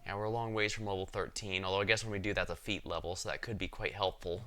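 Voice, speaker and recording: Bright-voiced man musing over a game. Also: deep voice, fast, a little hiss or hum. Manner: thinks aloud in a relaxed, musing way. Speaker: streamer. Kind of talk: live gameplay commentary.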